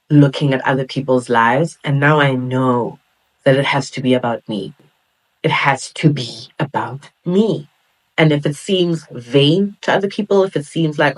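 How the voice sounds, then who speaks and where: A woman's voice: very deep voice, rough recording. Young woman from southern africa, solo podcast host, earnest pep-talk vibe. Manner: earnest, motivational, with playful quoted asides.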